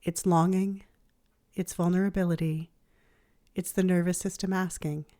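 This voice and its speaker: A woman therapist hosting a podcast, reading her reflective script in a gentle, measured, soothing way. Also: on the low side, level tone. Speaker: child therapist and podcast host.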